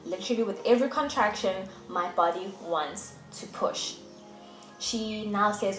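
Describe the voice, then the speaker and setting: A woman's voice: medium pitch, a little slow, a bit bright. Young woman from South Africa, casual vlog, indignant and emotional, roomy echo, faint music behind. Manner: emotional, indignant, emphatic repetition. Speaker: vlogger. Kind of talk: casual storytelling to camera. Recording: echoey room, faint music.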